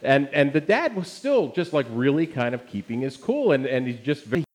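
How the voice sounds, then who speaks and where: A man's voice: mid-range voice, very animated, moderate pace. A man preaching a Father's Day sermon as pastor, telling stories in a conversational way and turning to the congregation with asides. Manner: conversational storytelling with audience asides.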